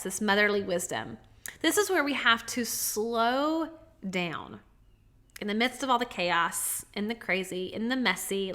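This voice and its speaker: A woman hosting a self-help podcast, speaking softly and earnestly, with slow stretched words. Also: medium pitch. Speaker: podcast host.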